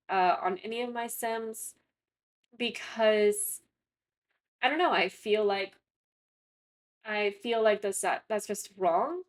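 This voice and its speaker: A young woman chatting casually through gameplay commentary, rambling and often correcting herself mid-sentence. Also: mid-range voice. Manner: rambling, chatty, frequent self-corrections and fillers. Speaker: gaming content creator.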